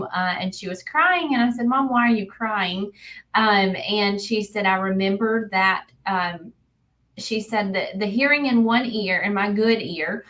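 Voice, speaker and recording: A woman's voice: medium pitch, fairly bright tone. A woman audiologist answering interview questions in a plain, explanatory way with many fillers. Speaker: audiologist, guest.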